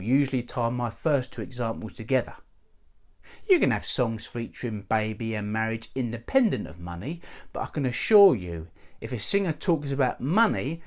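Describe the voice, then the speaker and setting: A man delivering a dry, sardonic comic monologue to camera, full of punchy asides. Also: mid-range voice. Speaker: comic presenter.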